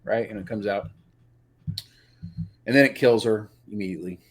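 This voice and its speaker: A man co-hosting a live TV review show, calmly talking through scenes as they play. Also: lowish voice, moderate pace, slightly rough. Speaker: podcast co-host. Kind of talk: casual livestream review chat.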